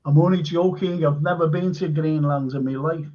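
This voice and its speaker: A man's voice: on the high side, steady tone, moderate pace, highs cut off. A man hosting a live-stream chat, telling stories enthusiastically with lots of fillers. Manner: rambling, enthusiastic storytelling with many fillers. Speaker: host.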